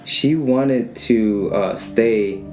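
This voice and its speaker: Over faint background music, a man with a medium-pitched voice draws out his words while recounting a personal ghost story in relaxed podcast conversation. He's animated, acts out quoted lines, and leans on frequent fillers.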